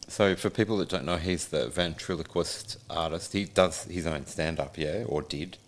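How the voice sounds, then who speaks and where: A man's voice: deep voice, moderate pace. A man hosting an interview, prompting his guest with friendly questions. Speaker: interview host. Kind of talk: casual interview chat.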